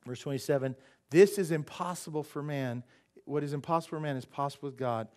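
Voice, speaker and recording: A high-pitched man delivering an emphatic sermon from the pulpit. He keeps asking the congregation questions and slips into voices for the people in the passage he reads. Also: moderate pace, darkish tone. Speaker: pastor.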